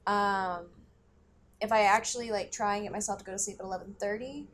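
A young woman talks through a podcast story in loose, rambling chat, dropping fillers and swear words as she goes. Her voice sits at an ordinary pitch, with a faint hiss underneath the recording. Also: fairly even intonation, fairly quick. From grew up in the country. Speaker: podcast co-host. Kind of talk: casual chat.

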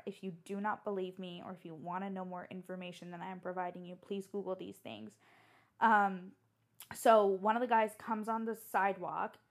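A young woman telling a story in casual, chatty fashion, animated and full of fillers and restarts. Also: medium pitch.

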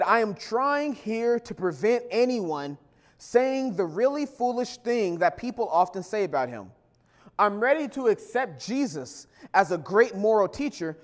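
A man delivering a sermon, shifting between earnest teaching and casual slangy asides. His voice sits high for a man, and he acts out quotes with energy. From Sacramento, California. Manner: lively preaching with slangy asides and dramatized quotes. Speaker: pastor.

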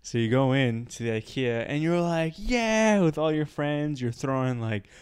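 A man's voice: medium pitch, moderate pace, darkish tone, clean tone. A man in a casual chat, playfully telling a made-up story, laughing, with frequent restarts.

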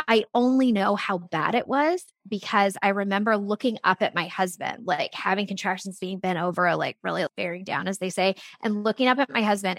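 A woman in her thirties tells a personal story as a podcast guest, earnest and animated. Her voice sits at a middle pitch, and she drops "like" into many phrases. The recording is dry and close, with no room sound. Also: dry recording. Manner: earnest and animated, frequent "like" fillers. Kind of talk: candid conversational storytelling.

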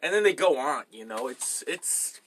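Man, podcast co-host, casual chat, joking, animated, mid pitch. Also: moderate pace, slightly rough. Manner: joking, animated storyteller with restarts.

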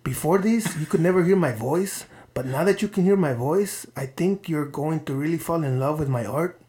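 A man's voice: on the high side, moderate pace, a little mellow, natural voice. A man putting on a swaggering Chicano-slang movie star. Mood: boastful. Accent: Mexican-American slang. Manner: boastful, laid-back street swagger. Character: silent-film star recast as a swaggering Mexican-American dude.

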